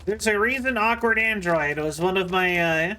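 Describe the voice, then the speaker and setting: A man's voice: sits high, moderate pace, bright, forceful tone, a little hiss or hum. A man streaming and chatting casually while he plays, telling rambling, self-deprecating stories with stammering restarts. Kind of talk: casual chat while gaming.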